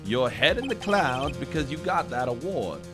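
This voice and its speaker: A man voicing a proud, sharp young male prosecutor with a clipped, stern delivery. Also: mid-range voice, sing-song, normal speed, lightly acted. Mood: indignant. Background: game music.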